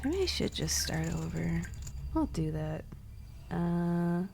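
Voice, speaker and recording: A woman's voice: on the low side, sing-song, takes it slowly, vocal fry, darkish tone, a little hiss or hum. Giggly young woman streamer rambling. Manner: rambling, giggly, swears casually. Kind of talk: casual gameplay chat. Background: game music.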